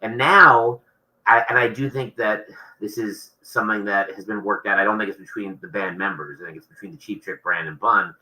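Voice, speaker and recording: A man's voice: on the low side, steady tone, normal speed, pushed and bright, rough recording. A man, an author being interviewed, talking casually and rambling with many restarts.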